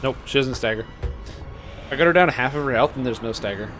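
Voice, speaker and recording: A man's voice: medium pitch, quick pace, a bit bright, soft background music. A young man streaming a video game at home, giving casual commentary with sarcastic, profane rants. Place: apartment.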